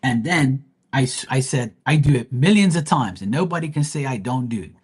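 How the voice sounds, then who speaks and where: Man, tarot livestream host, husky voice, blunt heated rant, swearing. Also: medium pitch, expressive, brisk. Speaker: live tarot reader. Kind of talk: ranting livestream monologue.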